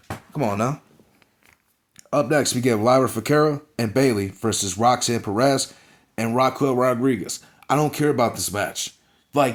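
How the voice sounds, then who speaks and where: A man giving a blunt, profane, animated review of a wrestling show in casual talk. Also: mid-range voice.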